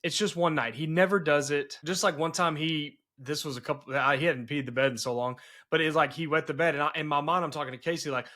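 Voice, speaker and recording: A man's voice: a little high, fairly even intonation, fast talker, pushed and bright. A man hosting a podcast and telling family stories earnestly, with many restarts. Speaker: podcast host. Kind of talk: casual conversation.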